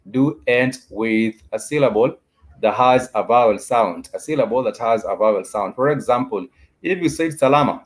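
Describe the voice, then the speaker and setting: Man, lowish voice, patient language teacher, repeats each word slowly, says uh a lot. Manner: repeats each word and phrase several times, drawn-out fillers. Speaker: Swahili teacher. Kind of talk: spoken language lesson.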